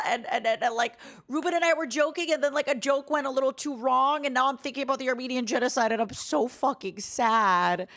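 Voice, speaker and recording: A woman's voice: high voice, a little fast, hardly any pauses. A young woman streamer chatting casually with her viewers, rambling and giggly as she tells stories. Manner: rambling, giggly, excitable storytelling.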